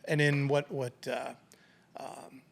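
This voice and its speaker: A man's voice: medium pitch, slow pace, vocal fry. A middle-aged man, a retired police sergeant, casually telling a story in an interview and acting out the voices of the people in it. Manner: animated anecdote telling, acting out quoted voices.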